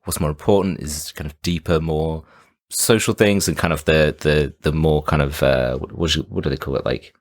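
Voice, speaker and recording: A man with a very low voice talks through a film with a friend on a podcast, in a loose, rambling way. He leans on "kind of" and "like" as he thinks aloud. The sound is dry and close, with no room around it. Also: steady tone, normal speed, no room sound. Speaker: podcast co-host. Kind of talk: casual film review chat.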